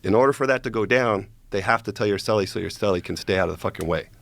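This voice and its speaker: A man's voice: on the low side, fast talker, creaky, a bit bright, no echo. A man casually telling a long story as a guest, profane and rambling, checking in with "right?" as he goes.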